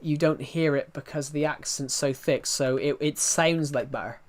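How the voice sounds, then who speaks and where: Playing a game on a live stream, this man talks at a normal speed in a higher voice with fairly even intonation. His chatter is casual and rambling, with restarted sentences and replies to questions from chat.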